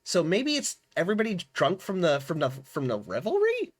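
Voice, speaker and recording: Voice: medium pitch, huge pitch swings, a little fast. A game streamer chatting casually and animatedly on a live stream, laughing often and restarting sentences. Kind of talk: casual live-stream chat while playing.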